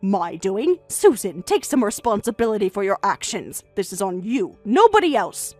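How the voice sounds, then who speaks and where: Speaking in a mid-range voice, a woman portrays a calm yet firm older grandmother for a narrated story. She keeps a steady, measured rhythm while faint music runs in the background.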